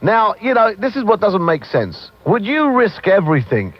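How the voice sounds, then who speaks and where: A man from Britain hosting a call-in talk radio show, blunt, opinionated and excitable. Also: sits high, normal speed. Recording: muffled 1990s radio broadcast.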